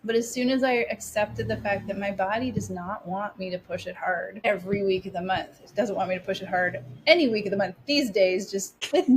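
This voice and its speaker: A woman in her forties, a podcast guest telling stories in a chatty, animated way with lots of restarts. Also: medium pitch, a little fast, hardly any pauses, background noise. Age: 40s. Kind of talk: casual interview storytelling.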